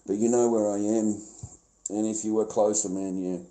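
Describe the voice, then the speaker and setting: A man's voice: fairly low pitch, level tone, moderate pace, mellow. An Australian man livestreaming a confrontational rant, swearing often and repeating himself as he talks to the camera. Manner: confrontational, profane, repetitive.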